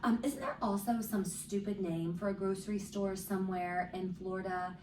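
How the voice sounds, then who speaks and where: A woman's voice: mid-range voice, fairly even intonation, normal speed, darkish tone, slight background noise. A woman co-hosting a podcast in casual chat, rambling with many fillers. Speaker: podcast co-host. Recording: echoey room, far from mic.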